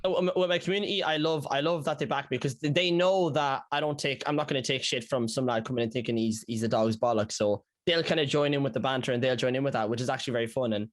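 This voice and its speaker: A man's voice: medium pitch, quick pace, hardly any pauses. An Irish man, a streamer guest on a podcast, telling stories in casual chat with slang and swearing. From Ireland. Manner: animated storyteller, lots of slang and swearing.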